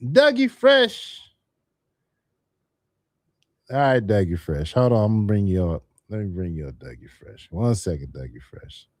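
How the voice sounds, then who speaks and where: A man's voice: low voice, expressive, fairly quick, mellow, no room sound, clean studio sound. A man hosting a live stream in a casual, chatty way, calling out poll votes to viewers. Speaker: livestream host.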